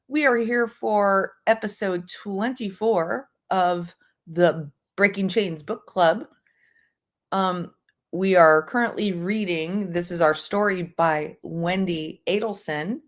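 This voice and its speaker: A woman's voice: mid-range voice, takes it slowly. A woman hosting a casual livestream book club, rambling with many fillers and restarts and tossing in words from other languages. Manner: jokingly drops bits of other languages.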